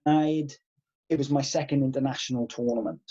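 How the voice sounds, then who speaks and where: A man in his thirties, a karate instructor guest, telling animated stories and swearing freely. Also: medium pitch, a little fast, lo-fi sound. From Wales. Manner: animated, swears freely, acts out past exchanges. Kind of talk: casual podcast storytelling.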